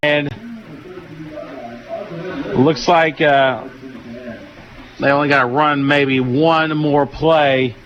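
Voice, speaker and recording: A tired male radio announcer with a Southern twang, calling a football game play by play in a relaxed, folksy way with many fillers. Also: a little high, extremely slow, long pauses, slight background noise. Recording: dull lo-fi radio broadcast.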